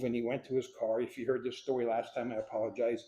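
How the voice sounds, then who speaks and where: A man in his sixties from Pennsylvania telling his life story to a live audience, acting out what people said as a lively storyteller. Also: mid-range voice, moderate pace, highs cut off. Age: 60s. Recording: echoey room.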